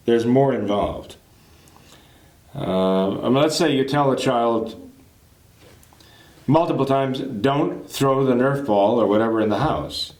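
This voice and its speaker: Man, catechism teacher, mid-pitched voice, conversational storytelling, roomy echo. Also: darkish tone. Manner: conversational, explains with homely hypothetical examples.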